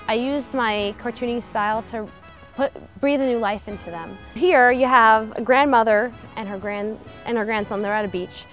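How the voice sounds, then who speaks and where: Upbeat young woman cartoonist. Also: fairly high pitch. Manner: upbeat, earnest, lively. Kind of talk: interview.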